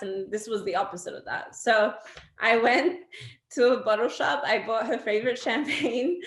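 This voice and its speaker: A woman's voice: fairly high pitch, normal speed, echoey room. A young adult woman, a guest on an interview show, telling stories casually with many fillers and frequent laughs. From Australia. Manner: animated, laughing often, lots of fillers. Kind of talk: casual storytelling conversation.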